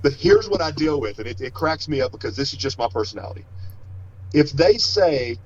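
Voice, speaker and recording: A man's voice: medium pitch, animated, a little fast. A middle-aged man, a wrestler being interviewed, telling stories in a rambling way and often restarting his sentences. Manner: rambling, self-correcting, storytelling. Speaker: wrestler and guest. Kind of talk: casual interview talk. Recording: slightly dull lo-fi audio.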